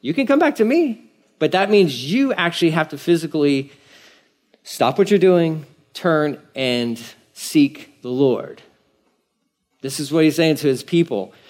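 A man's voice: a little high, unhurried, darkish tone. A man pastor preaching a conversational sermon, repeating phrases for emphasis.

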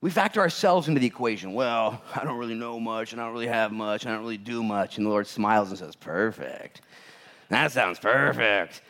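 A pastor with a mid-range voice preaches fast, leaving few pauses. His sermon is animated storytelling where he voices the characters himself and tells jokes, laughing along at them.

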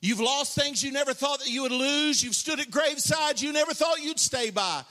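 A male pastor preaching a sermon with a passionate, colloquial delivery, dropping into quiet asides and joking with the congregation, then rising into shouted, sung-out lines. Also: very high voice, moderate pace, long reverb tail. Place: church sanctuary.

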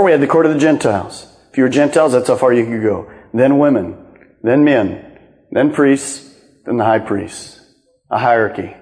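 A male pastor delivering a sermon with a high, very lively voice that leaps between loud emphasis and hushed, low phrases. He is recorded in a church auditorium, and his words ring with a long hall reverb. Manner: animated preaching, swinging from loud emphasis to hushed low lines.

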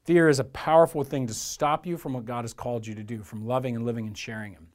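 A man's voice: mid-range voice, steady tone, quick pace. A man preaching a sermon as pastor, in an earnest, conversational way with lots of repetition.

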